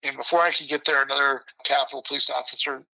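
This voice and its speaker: A middle-aged man telling a story as a podcast guest, animated and acting out quotes and sound effects, on dull lo-fi audio. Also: medium pitch, fast, vocal fry. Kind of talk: casual spoken storytelling.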